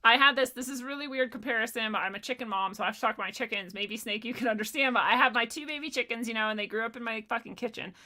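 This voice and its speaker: Brief: bright, fairly high-voiced woman, 30s, casual podcast host, lively and profane. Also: very fast, hardly any pauses. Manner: animated, swearing, laughing often. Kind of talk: casual chat.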